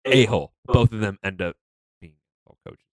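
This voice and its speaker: Animated young man mocking on a podcast. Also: fairly low pitch, moderate pace, no room sound. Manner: animated, mocking, swears freely. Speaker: podcast co-host. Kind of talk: casual chat.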